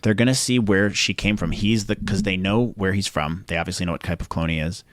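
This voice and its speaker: A man's voice: low voice, fairly even intonation, fairly quick, dry recording. A man co-hosting a podcast, chatting casually, rambling and checking in with "right?". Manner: rambling, self-correcting, with tag questions. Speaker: podcast co-host. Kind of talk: casual chat.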